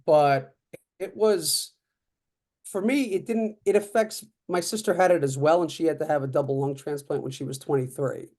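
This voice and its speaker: Man, 30s, podcast guest; fairly high, mellow voice, animated storyteller who acts out dialogue. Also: normal speed. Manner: frequent fillers like "uh" and "like". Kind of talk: casual storytelling.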